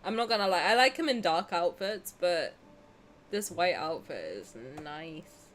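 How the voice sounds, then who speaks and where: A woman's voice: lowish voice, lively intonation, measured pace, a bit bright, slight background noise. Bubbly Southern English woman streamer. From South of England. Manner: bubbly, giggly, self-mocking. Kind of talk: casual game stream chat.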